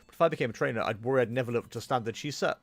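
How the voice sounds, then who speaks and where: A man's voice: medium pitch, racing, gravelly, no echo. A man reading the lines of a shy, polite young girl in his own voice, earnest and formal. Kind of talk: reading game dialogue aloud.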